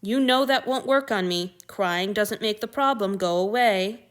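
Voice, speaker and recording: A woman voicing a manipulative male lover in an audiobook reading of fan fiction, smooth, chiding and patronizing. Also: mid-range voice, unhurried, fairly bright tone, lightly acted. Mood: cold.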